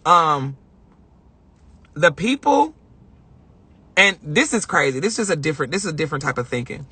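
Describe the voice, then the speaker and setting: Man, high bright voice, husky edge, casual livestream chat, emphatic repeats. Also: normal speed, dry recording. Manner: emphatic, repeats phrases for effect; animated, spiritual storytelling. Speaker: vlogger.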